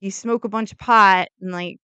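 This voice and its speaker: Bright, crisp rambling woman vlogger. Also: mid-range voice, fairly even intonation, normal speed, no echo. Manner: rambling, heavy use of "like", self-interrupting asides; opinionated, hedging disclaimers. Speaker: true crime YouTuber. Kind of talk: casual true crime storytelling.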